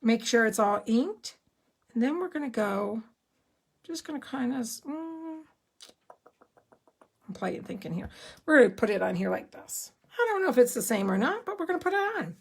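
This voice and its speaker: A woman giving a live card-making tutorial, chatty and excitable, rambling a little as she works. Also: a little high, brisk, husky.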